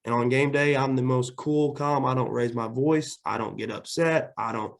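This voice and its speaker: A man's voice: medium pitch, fairly even intonation, normal speed, creaky. A man who coaches football and teaches, answering interview questions energetically and often repeating words as he restarts.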